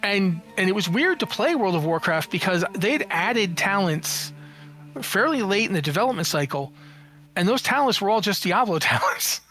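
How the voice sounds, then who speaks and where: A man in his forties, a guest in an interview, telling stories in a casual, animated, jokey way, acting out quoted lines and often restarting his sentences. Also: high-pitched, moderate pace. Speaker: interview guest, games journalist and writer.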